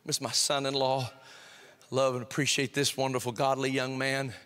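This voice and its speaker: Bright-voiced pastor in a reverberant church. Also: male voice, mid-range voice, normal speed, clean tone. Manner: animated, repeats phrases, acts out both sides of a dialogue. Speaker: senior pastor. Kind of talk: sermon with storytelling. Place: church sanctuary. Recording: long reverb of a church hall. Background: long hall reverb.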